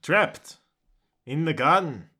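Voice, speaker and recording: A man's voice: a little high, animated, slow pace, sharp tone, husky, pitched above the performer's own voice, exaggerated voice. A man voicing a grumpy dragon guardian who talks in a blunt, indignant, streetwise way. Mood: gruff.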